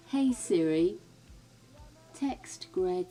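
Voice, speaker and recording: A woman's voice: medium pitch, a little mellow. A British woman streaming gameplay in casual chat, cooing fondly at her dog and laughing often.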